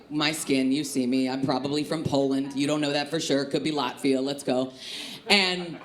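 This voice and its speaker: Animated woman doing stand-up. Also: deep voice. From Chicago area. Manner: lively, animated, punchy delivery. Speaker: stand-up comic. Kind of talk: stand-up comedy set. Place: comedy club stage. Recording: live club with echo and crowd laughter. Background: laughing audience.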